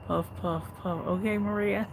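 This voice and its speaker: A woman's voice: steady tone, normal speed, gravelly, a little hiss or hum, poor audio. Blunt, profane woman hosting a livestream. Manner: blunt and heavily profane, reacting aloud to chat comments; swings from low muttering to loud exclaiming. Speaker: livestream host reading viewer chat. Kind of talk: casual livestream chat.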